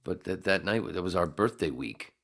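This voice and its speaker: Very deep gravelly man, rambling. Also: animated, moderate pace, fairly bright tone. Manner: rambling, profane, self-mocking storytelling with many restarts. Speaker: podcast host. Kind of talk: casual chat.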